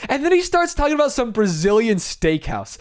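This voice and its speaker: A young man, a streamer, telling a story in an animated, self-mocking way while reacting to a video, with plenty of swearing. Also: very high voice, a little fast.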